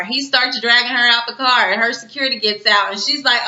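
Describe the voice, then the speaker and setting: Bright-voiced woman recapping a show. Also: high voice, moderate pace. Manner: chatty, animated retelling with quoted dialogue. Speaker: TV episode reviewer. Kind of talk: casual recap monologue. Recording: echoey room, dull lo-fi sound.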